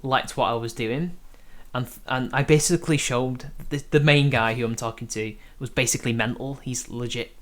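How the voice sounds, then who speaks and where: A man's voice: mid-range voice, fairly even intonation, normal speed, few pauses. A man from Britain hosting a casual live stream, rambling and hesitant, laughing often between points. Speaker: stream host.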